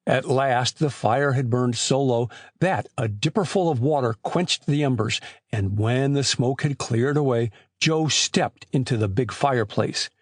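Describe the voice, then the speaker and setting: A man narrating an audiobook with expressive, scripted storytelling on a close mic. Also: mid-range voice, measured pace, no room sound.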